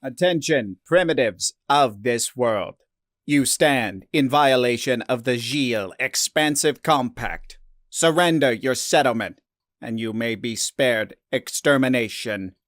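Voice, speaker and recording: A man voicing an arrogant alien starship commander who gives rumbling, contemptuous orders. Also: slow pace, vocal fry, hardly any pauses, bright, forceful tone, dry recording, studio quality, exaggerated voice. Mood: haughty commanding.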